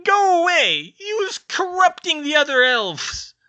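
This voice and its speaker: A man reading an audiobook and voicing a drunk, tearful little female house-elf with a squeaky, slurring voice. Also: huge pitch swings, unhurried, sharp tone, full character voice. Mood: irate.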